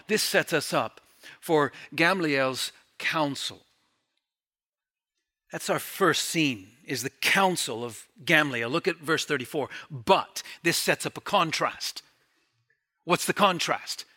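Guy preaching a sermon, really zealous, bright forceful voice, a bit high. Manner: zealous, emphatic preaching with varied pace. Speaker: pastor.

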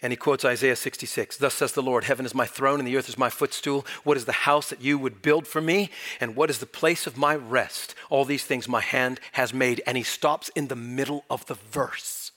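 A man preaching a sermon, emphatic, swinging from loud stresses to near whispers. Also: mid-range voice, steady tone, moderate pace, few pauses. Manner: emphatic, varying pace and volume, drops to near whisper.

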